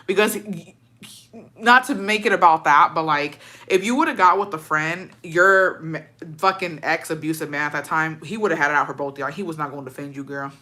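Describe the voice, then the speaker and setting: Low-voiced, bright, slangy woman host. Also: a little fast. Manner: chatty, slangy, swears freely. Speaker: host reading viewer stories. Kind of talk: casual chat and story reading.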